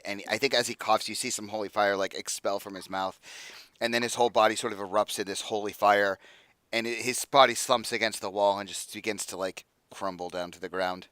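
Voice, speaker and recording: Guy dm-ing a tabletop game, smooth clear voice, lots of ums and likes, dry close mic. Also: lowish voice, sharp tone, no echo. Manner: loose, filler-heavy narration with many ums and likes. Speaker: dungeon master.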